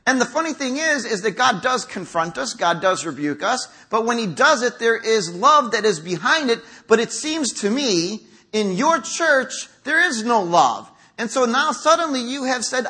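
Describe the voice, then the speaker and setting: A man's voice: very high voice, sing-song, moderate pace, hardly any pauses, sharp tone, breathy edge. A middle-aged man preaching a conversational sermon in a church, acting out quotes as he goes. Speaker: pastor. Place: church sanctuary.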